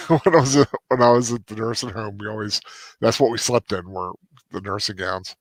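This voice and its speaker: A man's voice: on the low side, very animated, moderate pace, fairly bright tone, no room sound. A man hosting a casual movie rewatch commentary, rambling with fillers and laughing often.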